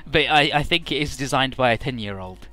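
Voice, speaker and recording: A man's voice: mid-range voice, animated, fairly quick, over music. A man giving casual, joking commentary over a video game playthrough, summarizing the story in a rambling way. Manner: joking, rambling, paraphrasing characters.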